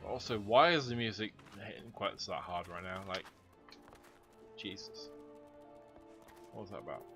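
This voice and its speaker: Man, lowish voice, casual gameplay commentary, relaxed and offhand, faint game music behind. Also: measured pace. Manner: relaxed, offhand, self-deprecating. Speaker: streamer.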